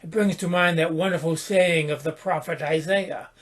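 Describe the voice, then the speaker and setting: A man hosting his own podcast, giving a reflective spoken sermon in a calm, contemplative manner with small restarts. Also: fairly high pitch, moderate pace. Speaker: podcast host and spiritual teacher.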